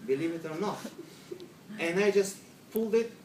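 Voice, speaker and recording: A middle-aged man with a Russian accent tells a comic story to a live audience in slightly broken English. His delivery is animated, and he acts out other people's lines. He is recorded from far off in an echoey room with noisy ambience. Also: sits high, moderate pace. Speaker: speaker telling a humorous story to an audience. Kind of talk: humorous storytelling speech.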